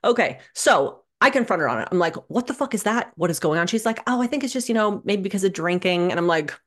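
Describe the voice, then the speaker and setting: A young adult woman telling a personal story as a podcast guest, animated and sardonic, swearing freely. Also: mid-range voice, quick pace. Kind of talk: candid conversational storytelling. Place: living in Minnesota.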